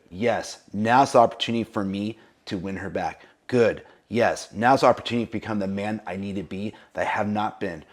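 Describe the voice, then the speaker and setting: A man with a fairly low voice delivers a rousing coaching talk to other men. He hammers home short rallying phrases again and again, building emphasis as he goes. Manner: emphatic, repetitive rallying cries. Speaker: relationship coach.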